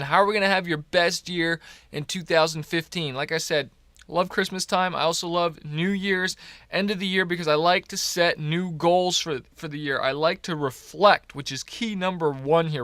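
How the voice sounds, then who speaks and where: His fairly high, slightly bright voice comes through a dry recording. He's a Canadian podcast host in his thirties, tired early in the morning, who rambles in an upbeat, encouraging way with lots of fillers in casual motivational talk.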